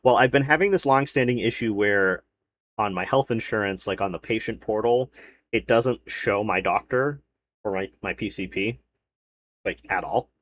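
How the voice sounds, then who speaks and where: A man's voice: lowish voice, moderate pace, fairly bright tone, slight background noise. A man streaming, chatting casually and rambling about his day, swearing freely. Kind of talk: casual chat to a live stream chat.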